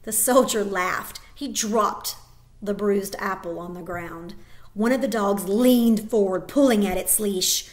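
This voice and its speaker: A woman teacher reading a children's novel aloud to her class, expressive and with small slips. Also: mid-range voice.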